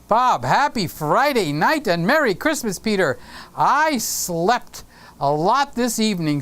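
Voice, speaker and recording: Man, live-stream host, lively swooping pitch, teasing, chatty, home studio. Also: smooth. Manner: playful, teasing, greeting viewers by name. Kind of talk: casual live-stream chat.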